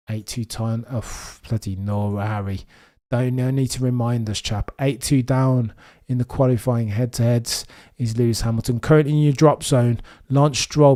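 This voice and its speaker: A man from Birmingham with a mild Birmingham accent, hosting a live watchalong stream and chatting excitably with his viewers. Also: mid-range voice. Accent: mild Birmingham English. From Birmingham, England. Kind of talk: live streaming commentary chat.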